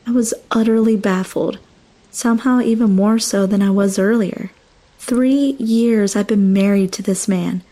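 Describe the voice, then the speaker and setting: A woman's voice: medium pitch, dark tone. A young woman narrating a first-person horror story with dramatic, emotional delivery.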